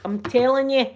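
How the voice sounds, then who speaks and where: Chatty Scottish woman spinning a yarn. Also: high voice. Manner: animated storyteller, acts out what people said. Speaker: channel host. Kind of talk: casual livestream chat.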